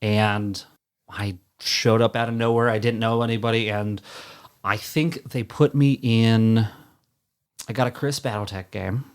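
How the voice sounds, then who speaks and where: A man talking as a guest on a studio podcast, rambling and halting, with restarts and self-deprecating asides. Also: on the low side, steady tone, clean tone. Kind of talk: casual podcast chat.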